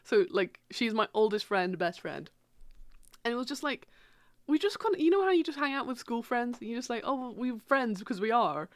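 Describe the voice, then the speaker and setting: A woman's voice: on the high side, no room sound, studio quality. A woman in her thirties livestreaming from her PC at home, chatting casually, swearing freely and laughing often. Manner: animated, swearing, quick to laugh. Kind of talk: casual chat while streaming.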